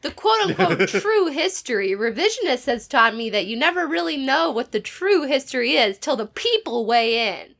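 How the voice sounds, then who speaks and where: Woman, podcast guest, stuffy congested nose, lively swooping pitch, gravelly fry, playful teasing. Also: moderate pace, hardly any pauses. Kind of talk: casual comedy chat.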